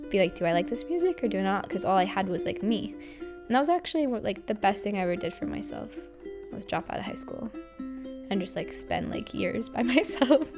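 A woman's voice: medium pitch, creaky. A young woman from Idaho telling stories about her old jobs, chatty, with many fillers and frequent giggles. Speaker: interviewee. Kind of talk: casual storytelling.

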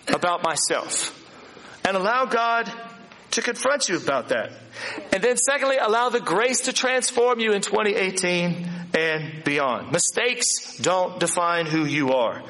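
A man preaching a sermon to a congregation, emphatic and animated, with rhetorical questions and repeated phrases. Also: high-pitched. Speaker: pastor.

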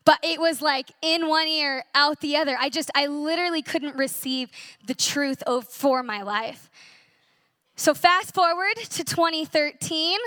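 Bright high-voiced young woman giving testimony. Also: unhurried, no echo, clean studio sound. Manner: earnest, emotional, animated storytelling. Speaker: testimony speaker at a church conference. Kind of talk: personal testimony to a congregation.

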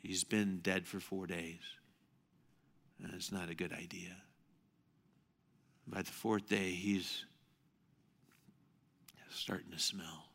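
A man voicing a weary grieving woman who speaks quietly and hesitantly, repeating herself. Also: sits low, level tone, slow pace, creaky, long pauses, voice pushed down, full character voice. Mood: reluctant.

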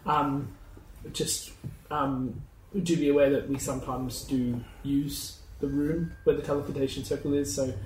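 A man's voice: mid-range voice, flat delivery, a little slow, darkish tone. A man running a tabletop game as game master, narrating with a chatty, laughing manner and many ums. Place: room shared with players around a table. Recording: echoey room, mic at a distance, faint noise.

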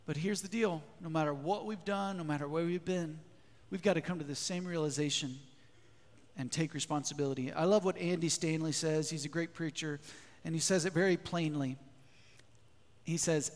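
A man preaching a sermon as a pastor in a church, lively, often putting questions to the congregation. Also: on the high side, moderate pace. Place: church sanctuary. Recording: long hall reverb.

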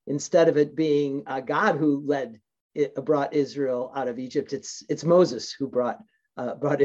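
A man reading scripture aloud and explaining it in a reflective sermon, pausing often with fillers and restarts. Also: on the high side, darkish tone, highs cut off. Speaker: Bible teacher.

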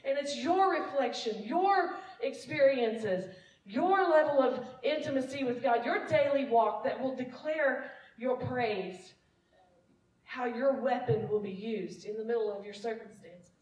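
Worship leader lady giving a chatty sermon, kinda high voice, roomy church sound, mic a bit far off. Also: unhurried, a little mellow. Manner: conversational and self-deprecating, laughing often. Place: church sanctuary. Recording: echoey room, mic from afar.

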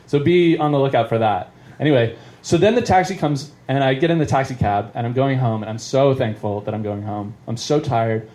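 A man's voice: mid-range voice, brisk, darkish tone. A man doing stand-up, telling a long story in a rambling, self-interrupting way and chuckling at it as he goes. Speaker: comedian. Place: live venue.

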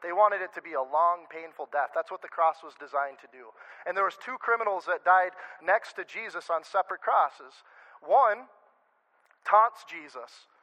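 A male pastor giving a sermon in a conversational, animated way, often restarting his sentences. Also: sits high, moderate pace, dull audio.

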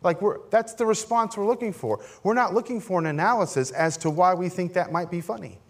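A man's voice: high-pitched, a little fast. Conversational pastor, light upbeat man's voice. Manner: conversational, self-deprecating, frequent "right?" asides. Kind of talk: sermon.

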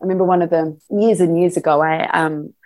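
A middle-aged woman chatting as a podcast guest, her voice sitting a little low. She talks in an animated way, laughs often and acts out quotes with bursts of energy. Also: brisk. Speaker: podcast guest, sex educator. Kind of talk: casual interview chat.

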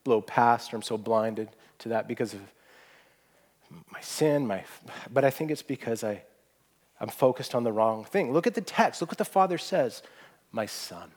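A man preaching a sermon, earnest, pressing points hard and then dropping to a hushed voice. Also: mid-range voice, animated, moderate pace. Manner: earnest, swings from emphatic to hushed. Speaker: pastor.

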